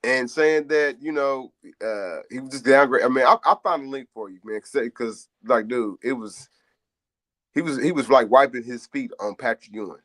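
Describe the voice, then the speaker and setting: A man's voice: mid-range voice, moderate pace, fairly bright tone, no echo. A man co-hosting a sports radio show, chatting casually in a slangy, rambling way. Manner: laid-back, slangy, rambling delivery.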